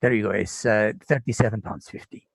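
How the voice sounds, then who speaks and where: A man voicing a guarded, greasy middle-aged shopkeeper who talks in halting, broken English. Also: on the low side, steady tone, vocal fry, no echo. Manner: halting, clipped phrases.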